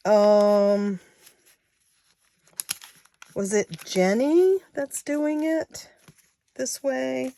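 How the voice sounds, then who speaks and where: A woman in her sixties chatting casually to her viewers, counting money out loud as she goes. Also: high-pitched, fairly even intonation, extremely slow, vocal fry, pauses often. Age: 60s. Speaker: savings challenge vlogger.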